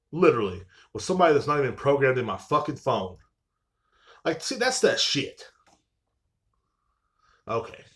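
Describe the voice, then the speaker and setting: A man hosting a podcast from a live stream, ranting casually with lots of swearing and sounding short of breath. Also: mid-range voice. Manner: profane, rambling, mocking. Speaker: podcast host. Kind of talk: casual rant. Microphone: live stream mic.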